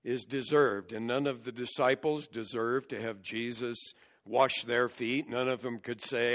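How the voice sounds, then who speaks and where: Male preacher, mid-pitched, earnest expository delivery, walks the text verse by verse. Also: steady tone, a little slow, fairly bright tone. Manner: earnest expository teaching, explaining scripture verse by verse. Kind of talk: sermon.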